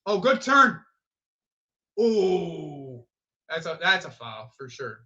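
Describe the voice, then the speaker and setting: Profane rambling man, bright voice. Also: on the high side, big pitch swings, slow pace, lo-fi sound. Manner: rambling and profane, repeats phrases, blurts reactions to play. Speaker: live stream host. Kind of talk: casual football watch-along chat.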